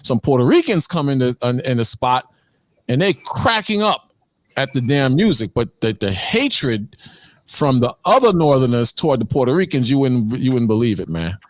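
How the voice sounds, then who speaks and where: A man's voice: medium pitch, normal speed, no echo. A man in a casual religious discussion, telling stories in an emphatic way. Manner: animated storytelling, emphatic.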